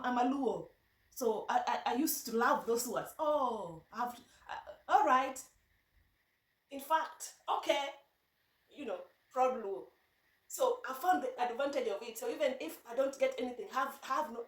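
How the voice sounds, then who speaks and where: A woman with a Luo accent talking in a casual vlog, telling stories in a chatty, halting way and often restarting her sentences. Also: fairly high pitch. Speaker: vlogger. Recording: echoey room, voice from a distance.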